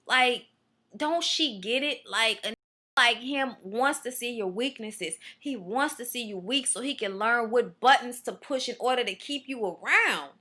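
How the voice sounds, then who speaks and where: Blunt, high-voiced woman vlogger. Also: measured pace, pushed and bright. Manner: blunt, profane, opinionated, acts out quotes. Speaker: YouTube reality show reviewer. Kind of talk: casual vlog commentary.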